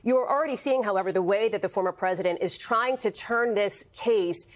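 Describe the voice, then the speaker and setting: A woman's voice: medium pitch, brisk. A woman giving live political analysis as a news correspondent in the studio, emphatic and analytical.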